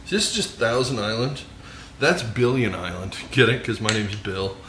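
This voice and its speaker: Man, home cooking host, mid pitch, jokey and eager, roomy kitchen sound with a faint hiss. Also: expressive, moderate pace, fairly bright tone. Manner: jokey, enthusiastic, savoring food with murmured mms. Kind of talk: casual cooking vlog with tasting.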